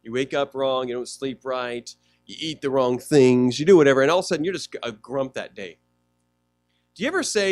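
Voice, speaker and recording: Male pastor, fairly high voice, animated sermon delivery. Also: fast, no echo. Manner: conversational preaching, asks the congregation questions.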